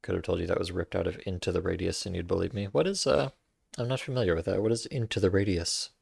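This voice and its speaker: A man's voice: deep voice, quick pace, creaky, a little mellow, husky, dry recording. A man streaming a game, giving wry, playful commentary to his chat as he explores. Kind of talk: casual gameplay commentary.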